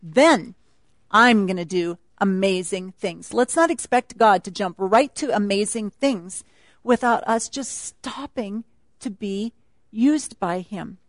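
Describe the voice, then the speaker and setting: A woman's voice: medium pitch, expressive, slow, dry recording. A woman speaking at a retreat, teaching a Bible passage in a chatty, laughing sermon style.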